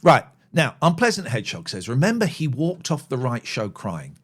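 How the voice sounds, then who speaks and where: Blunt, sweary phone-in host. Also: male voice, medium pitch, wildly swooping pitch, moderate pace, slightly rough. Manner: blunt and sweary, flares into loud angry rants. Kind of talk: live-streamed phone-in talk.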